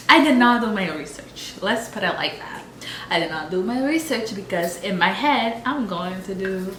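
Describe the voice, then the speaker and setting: A woman's voice: medium pitch, bright, forceful tone. A woman vlogger telling a personal story in a casual, emotional way, rambling, with many fillers and restarts. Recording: echoey room with background noise.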